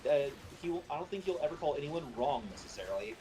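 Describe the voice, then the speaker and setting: A man's voice: a little high, expressive, fast, noisy background. A man co-hosting a casual stream chat, speaking frankly and easily to the viewers. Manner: easygoing, frank, addresses viewers directly.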